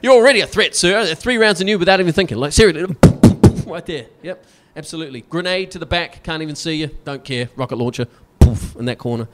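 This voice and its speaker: A man's voice: fairly high pitch, fast, few pauses, noisy background. Sarcastic Scottish man doing stand-up. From Scotland. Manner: sarcastic, animated, keeps tagging "right?". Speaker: stand-up comedian. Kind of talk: stand-up comedy.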